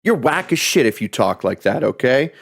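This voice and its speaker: A man's voice: mid-range voice, big pitch swings, normal speed, creaky. A man streaming a horror game, joking and swearing as he reads the game text aloud. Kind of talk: casual game commentary.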